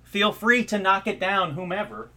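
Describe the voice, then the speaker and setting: A man hosting a casual call-in livestream from home, rambling and excitable with sudden outbursts. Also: high-pitched, normal speed. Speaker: host of a call-in livestream show. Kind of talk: casual live-stream chat.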